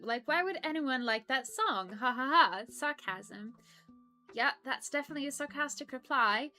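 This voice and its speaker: A woman's voice: high-pitched, pushed and bright, heavily acted. A woman voicing a prim, polite persona who reads live-stream chat aloud and apologizes often. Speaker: stream co-host reading chat.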